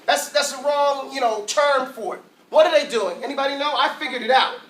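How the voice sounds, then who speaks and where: A man teaching Arabic to a classroom of students, lively, asking questions and drilling sounds aloud. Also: extremely high pitch, a little fast. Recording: roomy classroom, mic far off.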